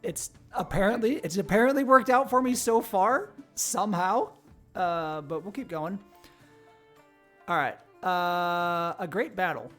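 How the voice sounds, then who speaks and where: A man's voice: high voice, a little slow, a bit bright, soft background music. A man hosting a game stream, reading the story text aloud and chatting with players between passages. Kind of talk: game narration and casual chat.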